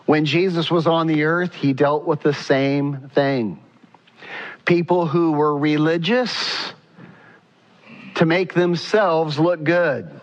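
A man's voice: a little high, steady tone, slow, poor audio. A man preaching a sermon as pastor, emphatic, now and then acting out quotes.

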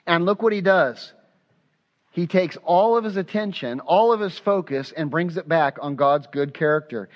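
Man, pastor, impassioned sermon, slightly high voice, muffled recording. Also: moderate pace. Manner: impassioned, acts out prayers aloud.

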